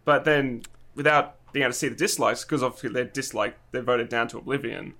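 A man's voice: mid-range voice, fairly even intonation, a little fast, pushed and bright. A man, a tech YouTuber chatting in an easygoing, wry way. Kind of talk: casual chat.

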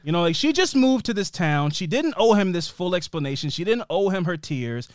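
A young adult man co-hosting a podcast, recapping a TV episode in an animated, rambling way. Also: high-pitched, fairly quick, dry recording, clean studio sound. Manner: animated, rambling storyteller who acts out scenes. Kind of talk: casual recap chat.

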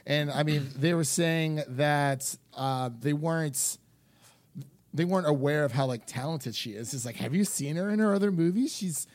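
A man co-hosting a podcast in casual chat, animated and full of fillers as he acts out quotes. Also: a little high, normal speed, dry recording. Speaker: podcast co-host.

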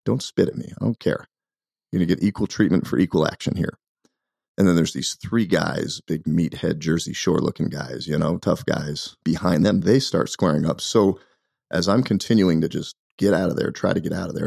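Deep gravelly man telling a story. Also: a little fast, dry recording, clean studio sound. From United States. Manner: emphatic, animated storyteller. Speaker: podcast guest. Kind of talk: casual storytelling.

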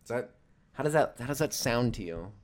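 A man's voice: medium pitch, lively intonation, brisk. A young man chatting loosely on a stream, swearing often and rambling between jokes. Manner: profane, loose and joking, with many fillers. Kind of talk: casual rambling chat.

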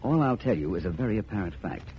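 A man playing a suave, cool gentleman detective in 1940s radio acting, urbane and wryly dry. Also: fairly low pitch, expressive, fast talker, slight background noise, natural voice. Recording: muffled old radio broadcast.

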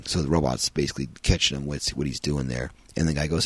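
A man's voice: very deep voice, steady tone, fast talker, hardly any pauses, breathy edge, no room sound. A man hosting a podcast, reviewing a film in a rambling, casual way with frequent ums and uhs.

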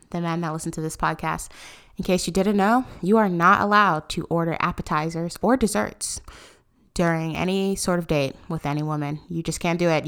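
A young woman in her twenties hosts a solo podcast with a slightly low-pitched voice. She talks in a sarcastic, incredulous rant and keeps her delivery animated. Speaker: podcast host.

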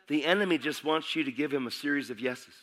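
A middle-aged man preaching a sermon, excitable and building in intensity as he goes. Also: on the high side, quick pace.

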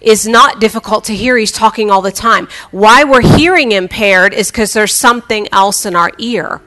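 Bright-voiced woman preaching a chatty sermon. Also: medium pitch, normal speed. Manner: chatty and humorous, with frequent restarts. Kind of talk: conversational sermon.

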